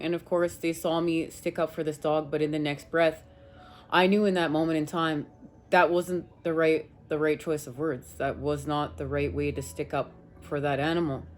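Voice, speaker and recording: A woman tarot reader telling viewers a personal story in an emphatic, rambling way, swearing now and then. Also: low-pitched. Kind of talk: casual spiritual talk to viewers.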